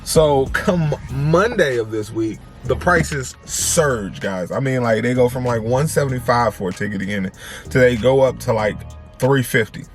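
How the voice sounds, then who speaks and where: A man, a family vlogger, casually telling a story to camera in an animated, slangy way, repeating phrases for emphasis. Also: mid-range voice, normal speed, faint music behind. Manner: slangy, conversational.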